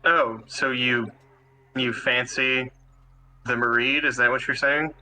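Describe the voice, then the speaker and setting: A man's voice: mid-range voice, steady tone, slow pace, pushed and bright, rough recording. A man playing a tabletop game, voicing his character politely and hesitantly with many ums. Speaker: player. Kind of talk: roleplaying a character in a live game.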